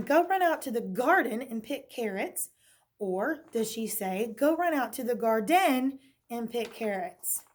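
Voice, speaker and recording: Woman teacher, patient, phonics lesson, mid pitch, frequent "okay?" check-ins. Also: darkish tone. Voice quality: clears her throat now and then. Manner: asks questions then answers them herself. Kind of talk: recorded remote phonics lesson.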